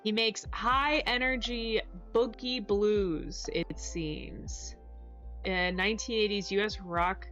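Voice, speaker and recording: A woman's voice: medium pitch, slow pace, a bit bright, soft background music. A woman live-streaming and chatting casually with her chat, reading messages aloud and stumbling over hard names.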